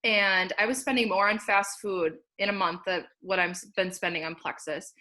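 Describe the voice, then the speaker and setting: A woman's voice: medium pitch, steady tone, normal speed, pushed and bright. A young woman sharing her personal success story from home in an upbeat, chatty way, laughing often and peppering her speech with "like.". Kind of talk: casual personal testimonial.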